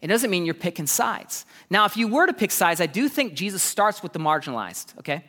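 A man preaching a sermon as pastor, animated, with sudden jumps in pitch and voiced asides, in a church. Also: brisk. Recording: long reverb of a large hall.

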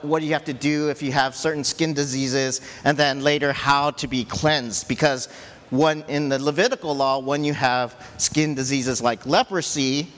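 A man preaching a sermon as pastor, animated and chatty, often laughing and jumping up in pitch to stress a point. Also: big-room sound.

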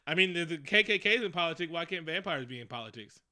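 A man co-hosting a podcast, talking casually and profanely about a movie, animated and laughing often. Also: a little high, quick pace. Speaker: podcast co-host. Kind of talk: casual movie review chat.

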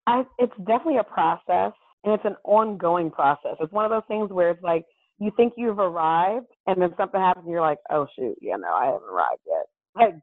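Woman guest on a call, sharing her story, lively and laughing a lot, tinny phone-ish sound. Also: mid-range voice, no echo. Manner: earnest, animated, laughs often. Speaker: podcast guest. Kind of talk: candid personal storytelling. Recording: thin phone-like call audio.

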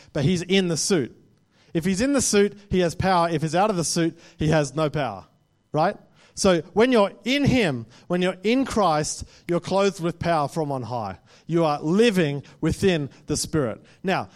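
A man preaching a sermon to a congregation, speaking conversationally and often checking in with "right?". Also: fairly high pitch.

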